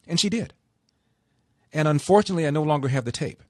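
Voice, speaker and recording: A male radio talk host telling anecdotes in a lively way, acting out the dialogue he quotes. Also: a little high, fast talker, pauses often, no room sound, studio quality. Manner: animated, acts out the dialogue he quotes. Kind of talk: storytelling anecdotes.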